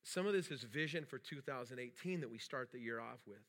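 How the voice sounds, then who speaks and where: A man's voice: medium pitch, expressive, a little fast, a bit bright. A middle-aged man, a pastor, preaching a sermon in a rambling storytelling way with many restarts. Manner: acts out quoted dialogue in a raised voice.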